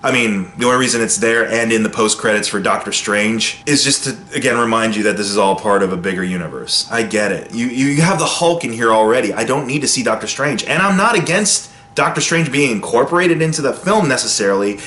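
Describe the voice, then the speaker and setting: A man giving a casual, opinionated spoken film review, with sudden jumps in pitch for emphasis. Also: brisk, hardly any pauses, fairly bright tone, echoey room.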